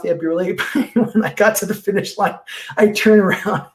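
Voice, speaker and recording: A middle-aged man talks on a podcast as a guest, a little higher-pitched than most men. He tells his story in a very expressive, animated way, acting out what others said. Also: moderate pace. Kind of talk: casual storytelling interview.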